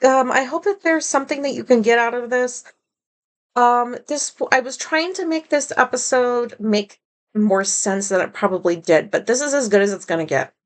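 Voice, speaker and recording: Woman podcast host, slightly high pitch; rambling, candid solo monologue full of tangents. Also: moderate pace. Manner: frank and emotional, with many fillers. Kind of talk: casual personal podcast monologue.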